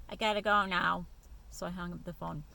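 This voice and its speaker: Chatty woman vlogger, lowish voice. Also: fairly even intonation, a little fast, creaky, pushed and bright. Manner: chatty, emphatic, with many fillers and restarts. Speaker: YouTube vlogger. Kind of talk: casual personal talk to camera.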